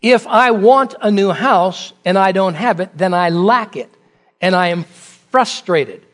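A man's voice: high voice, measured pace, a bit bright. A middle-aged man preaching a sermon as pastor, talking conversationally with rhetorical questions and joking asides.

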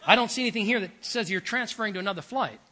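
A man's voice: sits high, rapid-fire, bright, forceful tone. An older man voicing an impatient male airline ticket agent in a sermon story, insistent and clipped.

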